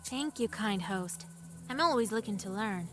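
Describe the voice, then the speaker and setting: An actress voicing a shrewd young village witch in a video game, calm and moralizing as she tells tales. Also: medium pitch, normal speed, over music, natural voice. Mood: polite, reproachful. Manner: knowing storyteller, calm and moralizing.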